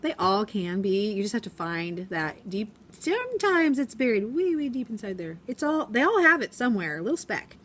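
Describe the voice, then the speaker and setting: A woman's voice: medium pitch, big pitch swings, moderate pace, few pauses, fairly bright tone. Chatty woman teacher vlogging. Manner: chatty, rambling, acts out quotes in voices. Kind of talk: casual vlog chat. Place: school classroom.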